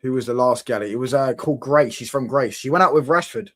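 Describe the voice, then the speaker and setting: Young male streamer, slangy and rambling, mid-pitched voice, chats with viewers and laughs a lot. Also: fairly quick, fairly bright tone. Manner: rambling, slangy, repeats himself, laughs often. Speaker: livestream host. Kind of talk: casual livestream chat reacting to viewer comments.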